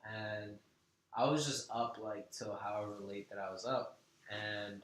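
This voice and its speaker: A man's voice: on the low side, unhurried, a little hiss or hum. Young man telling a wild story. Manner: animated, swearing, slangy. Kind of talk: casual chat. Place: apartment room. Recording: echoey room.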